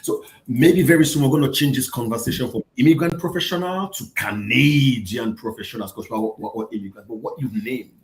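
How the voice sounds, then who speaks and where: A man's voice: medium pitch, a little fast, few pauses. A man hosting a podcast interview, prompting his guest and reflecting on the answers with emphasis. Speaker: host.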